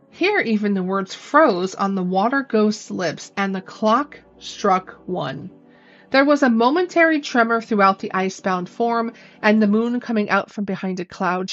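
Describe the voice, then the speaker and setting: Woman narrator, scripted storytelling, lively pitch, dry, dull sound. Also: no room sound.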